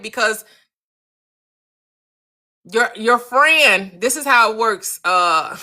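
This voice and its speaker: A woman's voice: fairly high pitch, sharp tone. A woman hosting a live-stream about manifestation, talking animatedly to her viewers, repeating her questions for emphasis and acting out little quoted scenes. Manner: addresses viewers by name. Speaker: manifestation coach and host. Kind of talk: live-stream teaching chat.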